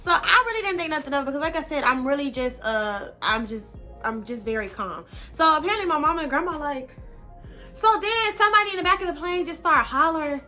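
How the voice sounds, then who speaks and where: A young woman casually telling a personal story on her vlog, slangy, animated and now and then profane. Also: sits high, fast talker, soft background music. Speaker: vlogger.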